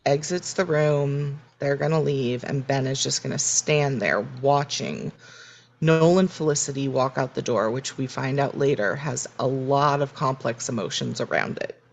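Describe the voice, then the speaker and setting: A woman's voice: a bass voice, unhurried, vocal fry. A woman co-hosting a podcast, recapping a TV episode in casual, reflective chat and acting out the characters' lines. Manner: reflective, restarts mid-sentence, acts out characters' lines. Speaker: podcast co-host.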